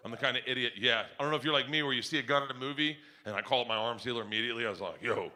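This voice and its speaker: A middle-aged man doing stand-up comedy on stage, telling a story loudly and excitably, breaking into yelled punchlines. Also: medium pitch, racing. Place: stage before a live audience. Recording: live show with loud crowd laughter.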